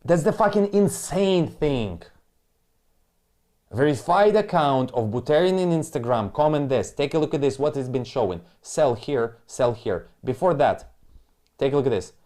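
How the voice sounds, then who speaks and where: An irritated man going over trading charts on a live stream, cursing hard and repeating himself. His English is broken and non-native. His voice sits at an average pitch for a man. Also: animated, normal speed, warm tone. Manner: angry, profane, repetitive ranting.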